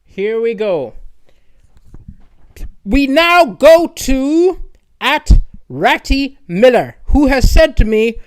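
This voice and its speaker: A man hosting a comedy live stream, telling stories and answering viewer comments in a chatty manner that rises to excited emphasis, talking into a streaming microphone. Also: very high-pitched, drawn-out words, pauses often, clear, resonant tone. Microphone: streaming microphone with adjustable levels.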